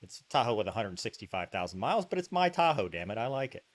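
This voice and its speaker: A man's voice: fairly low pitch, fast talker. Man telling a story in casual chat. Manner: animated anecdote-telling, full of fillers and asides. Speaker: podcast host.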